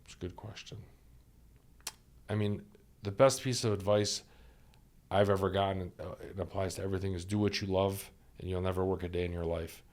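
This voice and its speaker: A man with a low, deep voice speaks as a podcast guest, talking through life lessons in an earnest, reflective way. He leans on repeated phrases to drive a point home. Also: fairly even intonation, brisk, darkish tone. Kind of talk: reflective conversational storytelling.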